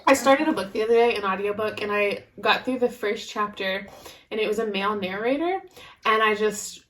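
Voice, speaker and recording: A woman's voice: medium pitch, a little fast, a bit bright. A young adult woman co-hosting a knitting podcast, chatting casually and rambling with lots of fillers. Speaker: podcast co-host. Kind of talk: casual chat.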